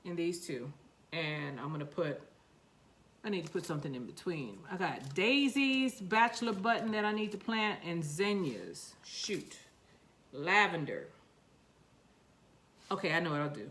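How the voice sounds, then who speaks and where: A woman's voice: fairly low pitch, expressive, measured pace, long pauses, a bit bright, a little hiss or hum. Chatty woman with a New York accent. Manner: chatty, talks to herself and her seeds, playful. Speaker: gardening vlogger. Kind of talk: casual gardening vlog, talking while working.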